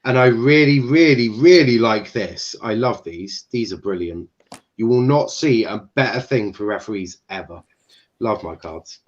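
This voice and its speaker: Blunt man, low voice, dull audio. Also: expressive, moderate pace. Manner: blunt, opinionated, laughs at his own stories. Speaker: referee guest. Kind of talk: casual chat on a live stream.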